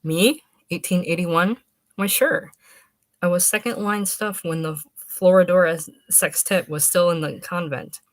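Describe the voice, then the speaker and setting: A woman's voice: lowish voice, normal speed, hardly any pauses, dry recording, lightly acted. A woman reading aloud, voicing a flippant young woman who teases and drawls. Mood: playful. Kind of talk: audiobook reading.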